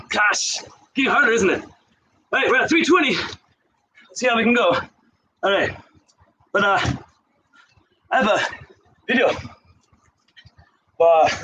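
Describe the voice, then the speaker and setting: A man with a high voice, winded from doing push-ups as he talks, drifting between counting and rambling stories in a loose, casual way. The recording is noisy and rough. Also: a bit bright. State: out of breath from exercise. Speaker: karate instructor.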